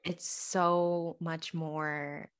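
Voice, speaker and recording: A woman's voice: deep voice, level tone, very slow, clean tone. A woman voice actor chatting as a guest, giggly and bubbly, saying "like" a lot. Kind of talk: casual interview chat.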